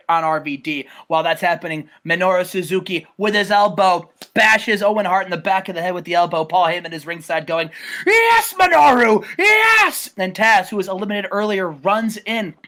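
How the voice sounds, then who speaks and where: A man giving a casual, rambling play-by-play recap, stumbling over names and breaking into loud shouted quotes. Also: high-pitched. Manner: excitable, rambling, many restarts, bursts into loud acted-out quotes. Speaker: host recapping a wrestling game simulation.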